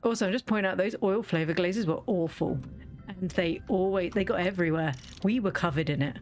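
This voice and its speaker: A woman, chatting casually while she plays a game and tells stories in a lively way. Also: fairly low pitch, a little fast, soft background music. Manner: chatty storytelling, lively quoted asides. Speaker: gaming video creator. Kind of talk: casual chat while playing.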